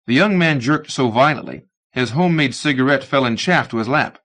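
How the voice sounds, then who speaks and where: Reading a short story aloud as an audiobook, this male narrator keeps his delivery measured yet expressive. The narration is scripted, and his voice sits at a medium pitch.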